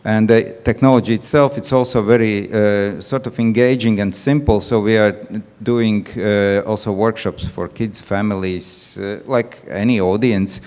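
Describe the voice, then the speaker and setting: A man with a Latvian accent describes his artwork, pausing often on "uh" and reaching for words. His voice sits very low, and the room adds a long reverb. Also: steady tone, a little mellow, clear, resonant tone. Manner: halting, many "uh" pauses, non-native phrasing. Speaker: panel artist.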